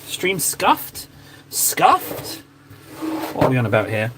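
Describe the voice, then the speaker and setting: Lively joking man chatting on stream. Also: mid-range voice, takes it slowly, background noise. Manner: joking, self-mocking, bantering with chat. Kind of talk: casual livestream chat while painting miniatures.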